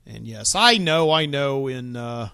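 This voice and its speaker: A man's voice: mid-range voice, lively intonation, a little slow, vocal fry, bright, forceful tone, smooth, dry recording, studio quality. A man hosting his own podcast in a casual solo monologue, rambling and wry, with many ums and uhs. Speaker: podcast host.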